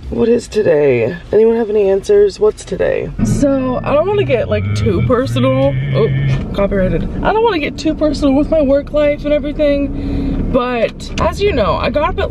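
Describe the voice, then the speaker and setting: A young woman with a croaky, congested sick voice, chatting casually and self-mockingly in a vlog. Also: a little high, background noise. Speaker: vlogger. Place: car and home.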